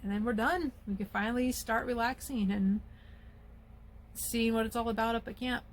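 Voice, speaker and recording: A woman's voice: a little high, normal speed, a little hiss or hum. Rambling, anxious woman vlogging. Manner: anxious, rambling, frequent restarts. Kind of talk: casual vlog monologue. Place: at home, indoors and by the car outside.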